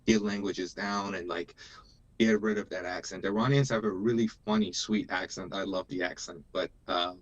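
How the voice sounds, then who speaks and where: A man's voice: on the low side, lively intonation, normal speed, highs cut off. A man in his thirties, born in Iran, chatting emotionally and laughing often on a live stream. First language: Persian. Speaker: co-host. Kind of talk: casual live-stream chat.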